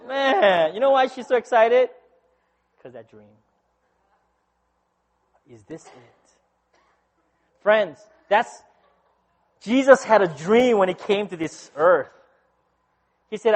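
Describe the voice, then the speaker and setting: A middle-aged male pastor giving a sermon in a conversational way, often tagging "right?" onto his points and moving between loud, animated storytelling and hushed intensity. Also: high voice, unhurried, pauses often. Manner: conversational preaching with frequent "right?" asides.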